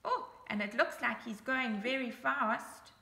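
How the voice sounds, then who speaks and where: A woman reading a picture book aloud to young children, with lively asides pointing things out on the page. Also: a little high, measured pace, gravelly, echoey room. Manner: animated, chatty asides to young listeners. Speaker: storybook reader. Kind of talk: children's story read-aloud.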